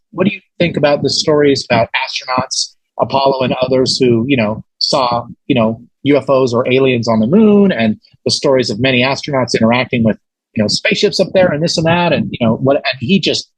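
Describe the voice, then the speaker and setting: A man with a husky, slightly breathy voice tells a story as a podcast guest. He talks casually and animatedly, acting out what others said, with plenty of fillers. The sound is dry and close to the mic. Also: medium pitch, dry recording, low-quality recording. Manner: animated retelling with quoted voices, many fillers.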